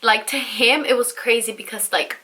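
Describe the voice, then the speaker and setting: A young woman tells a personal story to her camera in a chatty, animated rush, leaning on "like" and "you know" and swearing freely. Her voice sits a little high and has a bright, sharp edge. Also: moderate pace. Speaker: vlogger. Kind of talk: storytime vlog.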